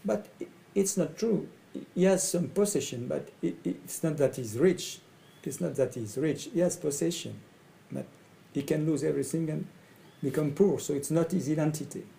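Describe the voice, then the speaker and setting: French-accented man, gravelly and halting. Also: a little high, mellow, poor audio. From France. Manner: slow, halting, repeats phrases. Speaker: coach and facilitator. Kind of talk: speaking to camera about his training.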